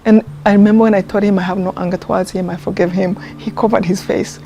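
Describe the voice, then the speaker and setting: A woman, telling a personal story in a documentary interview, earnest and heartfelt, often pausing and restarting. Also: medium pitch, steady tone, warm tone, highs cut off, a little hiss or hum. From Rwanda. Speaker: interviewee, genocide survivor.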